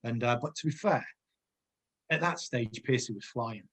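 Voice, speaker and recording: Husky-voiced man telling footballer anecdotes. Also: medium pitch, moderate pace, fairly bright tone. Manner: rambling anecdotes, digresses, laughs often. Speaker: former footballer guest. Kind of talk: casual storytelling chat.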